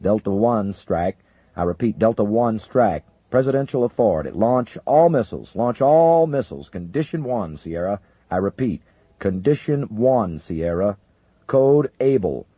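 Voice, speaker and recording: A man's voice: on the low side, expressive, a little slow, slightly rough, no echo, voice pushed up. Man voicing stern officer reading codes, clipped and raised, kinda muffled. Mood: commanding. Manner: clipped, commanding. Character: male military officer issuing launch codes.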